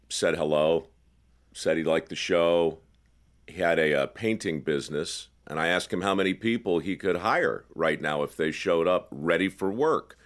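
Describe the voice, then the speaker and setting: Low-voiced man hosting, reflective. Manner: reflective storytelling with wry asides. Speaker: podcast host. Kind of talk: casual conversation.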